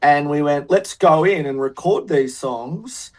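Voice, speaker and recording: A man's voice: a little high, unhurried, rough recording. A man with an Australian accent, a guest musician answering interview questions in a hesitant, rambling way with many restarts.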